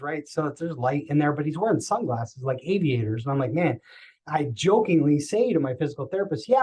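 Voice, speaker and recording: A man telling a personal story as a podcast guest, lively and acting out the people he quotes. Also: on the high side, breathy edge, poor audio. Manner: animated, acting out quoted voices.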